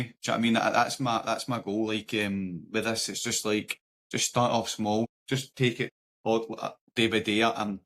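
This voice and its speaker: A man's voice: fairly low pitch, fairly bright tone. A man hosting a podcast, speaking modestly and reflectively about his goals in a casual interview chat on a video call. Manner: reflective, modest, says "do you know what I mean". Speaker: podcast host.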